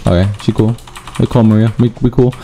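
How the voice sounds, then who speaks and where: A man giving profane live commentary over his own gameplay, muttering low and then yelping up high when things go wrong. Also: fairly even intonation, fairly quick, heavy background noise. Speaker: gaming YouTuber.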